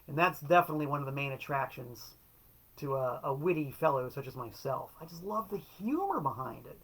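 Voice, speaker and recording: A man's voice: mid-range voice, animated, brisk, a bit bright, husky. A middle-aged man hosting a casual solo show, telling stories in an enthusiastic, wry way with playful quotes. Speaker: show host and record collector.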